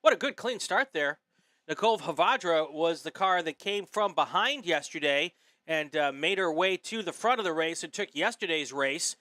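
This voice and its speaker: A man with a bright, slightly raised voice talks through a race live, easygoing and dotted with fillers. The sound is close and dry. He keeps the play-by-play relaxed. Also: fairly high pitch, normal speed, dry recording. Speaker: race commentator.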